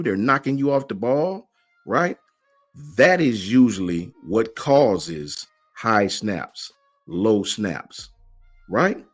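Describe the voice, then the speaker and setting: A man hosts a livestream and answers the chat, emphatic and slangy, firing off rhetorical questions. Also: mid-range voice. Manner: slangy, keeps asking "right?". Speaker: host of a college football fan channel.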